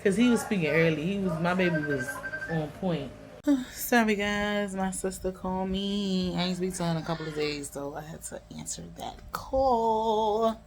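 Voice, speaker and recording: Speaking to her vlog audience at a normal pace, a woman with a New York accent shares a personal story in an emotional, candid, slang-heavy way. Her voice runs on the low side, and there's background noise, as this is casual to-camera storytelling.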